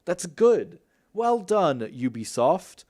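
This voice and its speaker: A young man hosting a gaming news livestream, talking quickly and casually, swearing and laughing often. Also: on the high side, very animated, a little mellow. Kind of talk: casual live-stream chat.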